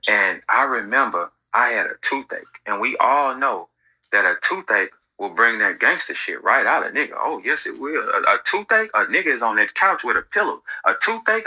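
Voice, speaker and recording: A man hosting casual commentary, telling stories in an animated, profane way. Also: mid-range voice, moderate pace, low-quality recording. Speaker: host.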